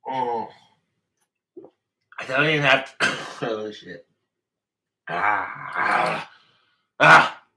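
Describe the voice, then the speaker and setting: A man ranting on a livestream while drinking, profane, tipsy and breaking into loud shouted outbursts. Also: fairly low pitch, lively intonation, extremely slow, creaky, pauses often, rough recording. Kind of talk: drunken rambling livestream.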